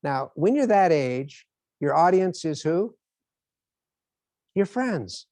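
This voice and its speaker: A male motivational speaker with a fairly high voice who tells his stories in an animated way and acts out each scene. His delivery is dry and close. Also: slow, dry recording. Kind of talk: motivational lecture.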